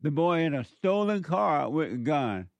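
A man's voice: a little high, very animated, a little slow, creaky, no room sound, lo-fi sound. A man giving a preachy, sarcastic commentary on a news clip, mocking and repeating his phrases for emphasis.

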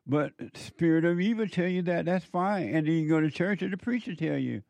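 A man giving an impassioned spiritual monologue, emphatic and repetitive, slowing down to stress his points. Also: on the high side, lively intonation, vocal fry, darkish tone, no echo. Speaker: speaker preaching about the devil.

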